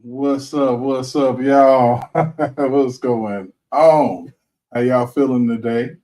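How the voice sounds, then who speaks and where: A man hosting a casual commentary show, talking in an animated, slangy way and laughing often. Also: mid-range voice, takes it slowly, distant mic, poor audio. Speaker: host.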